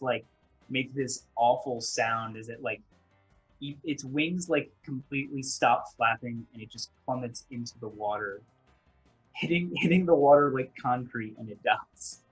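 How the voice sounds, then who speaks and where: A man narrating as game master of a tabletop game, calm and relaxed, with lots of fillers as he rephrases. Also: mid-range voice, normal speed, slightly rough, soft background music, rough recording.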